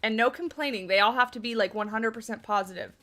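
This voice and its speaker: A woman's voice: fairly high pitch, fast, sharp tone, faint music behind. A woman hosting a game livestream, chatting casually with her viewers, answering their questions and laughing often. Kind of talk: casual livestream chat while building in a game.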